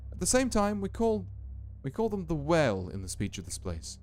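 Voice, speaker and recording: A man's voice: fairly high pitch, wildly swooping pitch, a little mellow, soft background music, voice pushed up. A man doing an eerie lilting graveyard keeper lady. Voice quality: faint put-on Scottish lilt. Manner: slow, deliberate, ominous storytelling. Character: eerie female graveyard keeper, calm and solemn.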